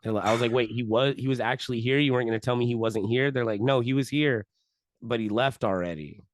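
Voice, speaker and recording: A man co-hosting a casual podcast chat, joking with quick reactions and telling a story. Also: mid-range voice, slight background noise. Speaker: podcast co-host.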